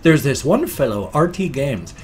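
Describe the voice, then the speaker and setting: Man, 50s, vlogger; meandering, self-interrupting chat, average pitch, faint music under him. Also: big pitch swings, moderate pace. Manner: chatty, self-interrupting, musing. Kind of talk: casual rambling vlog.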